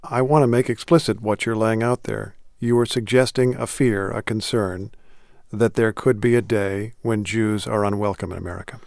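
A man's voice: fairly low pitch, fairly even intonation, normal speed, creaky, a little mellow, no echo, studio quality. A man interviewing a guest for the news, asking direct and probing questions.

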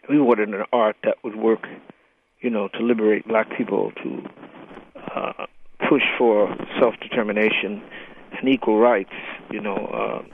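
A man's voice: lowish voice, a little hiss or hum. Older man on a tinny phone line. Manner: halting, many fillers and restarts. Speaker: guest, writer. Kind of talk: radio interview.

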